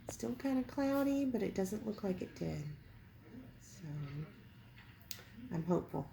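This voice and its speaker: Slow, gravelly-voiced woman vlogging at home. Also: medium pitch, animated, slight background noise. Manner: soft, coaxing, slow-paced talk. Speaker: home channel host. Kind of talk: casual vlog talking to kittens. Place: home, indoors.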